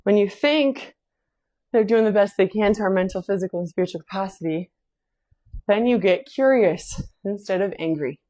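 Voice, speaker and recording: A woman's voice: mid-range voice, normal speed, warm tone. A woman hosting a home workout, counting reps aloud and chatting about faith between sets, sighing and a little out of breath as she exercises. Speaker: fitness instructor and host. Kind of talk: casual workout coaching with faith reflections.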